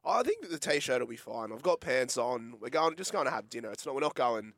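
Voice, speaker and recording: Gravelly laid-back Australian man. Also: medium pitch, expressive, a little fast, a bit bright, no room sound. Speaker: radio co-host. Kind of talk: casual radio banter. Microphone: studio microphone.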